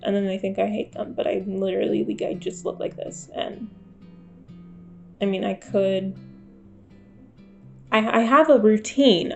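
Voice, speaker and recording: A woman's voice: medium pitch, creaky, darkish tone. A woman in her twenties talking candidly to camera in a vlog, wry and self-deprecating. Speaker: vlogger. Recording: faint guitar music behind.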